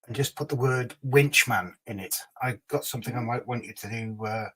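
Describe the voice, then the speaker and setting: A man's voice: mid-range voice, moderate pace, sharp tone, breathy edge, poor audio. A man hosting a casual livestream, reading out viewer comments and teasing them in a chatty way. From Scotland. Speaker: livestream host.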